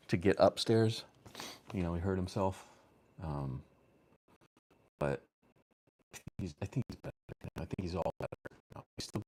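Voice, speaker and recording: A man's voice: low-pitched, a little mellow. A man streaming from home, chatting casually in a rambling, hesitant way with lots of ums and restarts. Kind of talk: casual chat. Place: home room with fan and lights.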